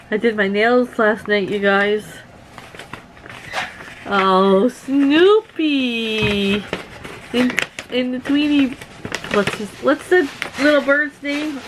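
A woman's voice: a little high, drawn-out words, long pauses, noisy background. A middle-aged woman from Canada hosting a casual vlog, giggling often and talking to her viewers like friends. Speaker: vlog host.

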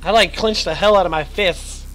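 A man's voice: high voice, moderate pace, a bit bright, poor audio. A young man chatting and swearing while streaming a horror game, his voice worn and his nose stuffy. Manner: chatty, yelps and swears at scares. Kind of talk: live gaming commentary.

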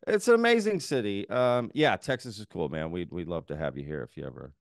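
A man's voice: low voice, lively intonation, brisk, gravelly, no room sound, studio quality. A man who hosts his own podcast, talking as a guest in an enthusiastic, laid-back way. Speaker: podcast host appearing as a guest. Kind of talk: casual conversation.

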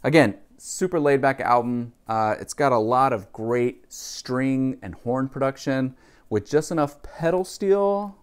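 A man's voice: mid-range voice, a little slow, clean tone. A man chatting casually to camera about music he bought, rambling with asides and fillers. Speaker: vlogger, record collector. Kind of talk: casual music haul vlog.

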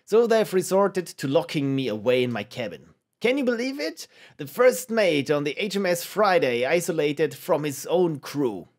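A man's voice: on the high side, expressive, moderate pace, few pauses. A man voicing a young male ship's first mate reading his letter aloud in a poor put-on British accent, earnest and overly enthusiastic.

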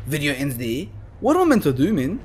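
Panicky young man yelling at a game. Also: on the high side, wildly swooping pitch, a little fast, a little hiss or hum. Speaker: gaming YouTuber. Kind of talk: horror game let's play.

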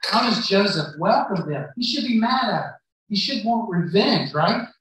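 A man's voice: high-pitched, animated, normal speed, background noise. A man preaching a sermon, retelling a Bible story and acting out what the characters say. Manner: storytelling, acts out the characters' lines. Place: church hall. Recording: very echoey hall, voice far from mic.

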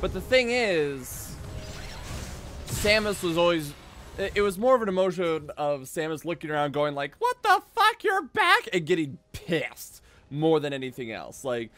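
A man streaming a video game, giving excitable, jokey commentary and swearing often. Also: on the high side, normal speed, soft background music. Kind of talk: casual gaming commentary.

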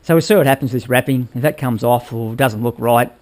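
Showing off his motorbike project in the workshop, this vlogger points things out and talks loosely in casual how-to style. He's hands-on and rambling, checking in with the viewer unscripted and often asking "all right?" His voice sits at an ordinary middle pitch, a little mellow, and he talks fast.

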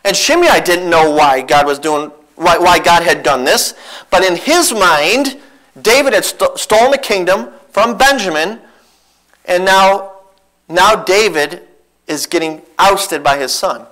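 A man preaching a sermon in a church as a visiting missionary, telling a Bible story with earnest, animated restarts. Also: high-pitched, measured pace, low-quality recording. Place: church sanctuary.

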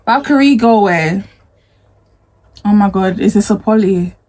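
A woman with a husky voice, talking casually in a gaming reaction vlog and breaking into excited exclamations before rambling on. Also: medium pitch, measured pace. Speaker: gaming YouTuber.

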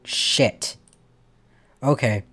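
A man with a fairly bright voice speaks very slowly while giving playful let's play commentary on a puzzle game, casually swearing and talking to the on-screen characters.

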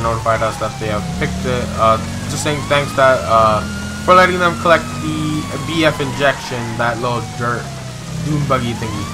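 A man's voice: medium pitch, heavy background noise. A young man hosting a game video who role-plays police radio calls between rambling asides and bursts of startled exclamations. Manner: excitable, exclaims loudly when startled; rambling, many filler pauses. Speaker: gaming channel host. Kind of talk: let's-play commentary with police radio role-play.

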